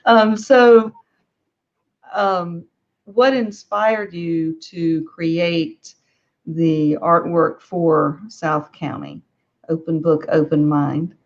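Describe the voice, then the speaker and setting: A woman's voice: fairly low pitch, steady tone, drawn-out words, highs cut off. A woman hosting an interview, asking questions in a friendly way and laughing along with her guest. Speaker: interviewer, library host.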